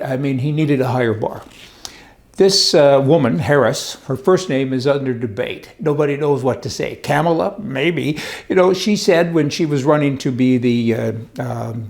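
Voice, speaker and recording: A man's voice: mid-range voice, a little mellow. A man hosting a show of opinionated political commentary, folksy and sarcastic, full of wisecracks and rhetorical questions. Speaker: host.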